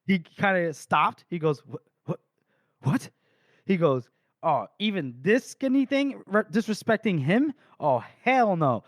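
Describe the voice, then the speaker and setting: A man's voice: high voice, sing-song, measured pace, dry recording, studio quality. A man co-hosting a podcast, casually retelling a book chapter with laughs, swearing and acted-out quotes. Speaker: podcast co-host.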